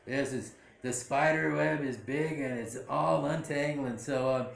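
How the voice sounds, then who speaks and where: A man's voice: mid-range voice, unhurried, gravelly. A man casually recapping a drama episode, rambling with lots of fillers and self-corrections. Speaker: show recap vlogger. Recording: echoey room.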